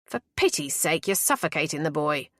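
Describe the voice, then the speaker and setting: A woman's voice: sits low, lively intonation, moderate pace, no echo, clean studio sound. A woman voicing a well-spoken male intruder who talks in a clipped, sneering way, in an audiobook. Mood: curt.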